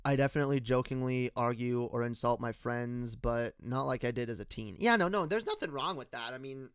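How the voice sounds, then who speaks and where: A man's voice: medium pitch, brisk, smooth, no echo, studio quality. A young man giving an unscripted, rambling commentary rant, heated and profane, addressing his viewers directly. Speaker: political commentator.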